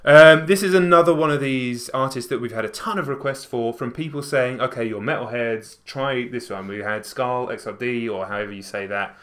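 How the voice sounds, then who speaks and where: A man's voice: mid-range voice, fairly quick, hardly any pauses, a bit bright. A man co-hosting a reaction channel, talking casually and earnestly, often agreeing with yeah.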